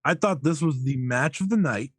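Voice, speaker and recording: A man co-hosting a casual wrestling podcast, giving measured, opinionated analysis. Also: on the high side, animated, breathy edge, no echo. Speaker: podcast co-host.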